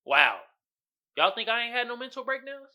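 A man's voice: very high voice, moderate pace, a little hiss or hum. A man hosting his own podcast in casual, joking chat, talking straight to his audience. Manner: animated, joking, talks to the audience as "y'all". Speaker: podcast host.

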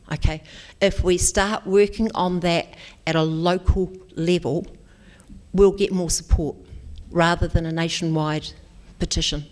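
Kiwi woman giving a talk, keeps saying okay?, encouraging. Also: lowish voice. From New Zealand. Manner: encouraging, repeats "okay?" to check in. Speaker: speaker. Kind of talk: motivational talk to an audience.

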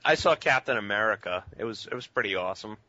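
Male podcast co-host, energetic storyteller, bright tone, dry lo-fi recording. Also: lowish voice, quick pace, a little hiss or hum. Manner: excited storytelling full of "like" fillers. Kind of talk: casual chat.

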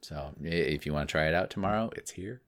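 A man with a very deep, low voice co-hosts a live stream in loose, casual chat. He teases his partner and often stops and restarts mid-sentence. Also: quick pace, a bit bright. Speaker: podcast co-host.

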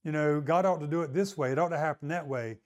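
A man's voice: fairly high pitch, quick pace. A male pastor preaching a sermon in a conversational way, often asking the congregation to agree.

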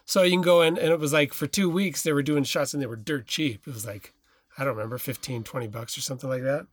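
A man co-hosting a podcast, telling a casual anecdote in an animated way. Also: mid-range voice, quick pace, dry recording. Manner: animated storyteller, imitates barking. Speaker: podcast co-host. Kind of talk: casual storytelling chat.

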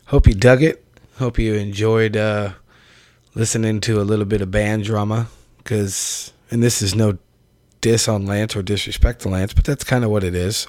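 A man's voice: on the low side, a little mellow, no echo. A man hosting a podcast, giving a frank, opinionated and profane closing commentary on his own. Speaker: podcast host. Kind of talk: solo outro commentary.

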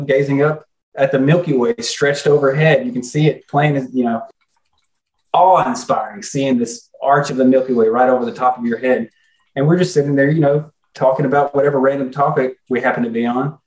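A middle-aged man, an interview guest, talking casually and eagerly with lots of "you know". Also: medium pitch. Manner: enthusiastic, folksy, says "you know" often. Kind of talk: casual conversation. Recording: echoey room.

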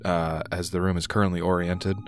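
A man's voice: low voice, level tone, fairly quick, a little hiss or hum. A man narrating as game master, reading room descriptions with frequent "uh" hesitations.

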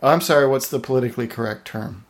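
Male actor guest, gravelly, dry bemused delivery. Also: medium pitch, fast talker. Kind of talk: podcast interview.

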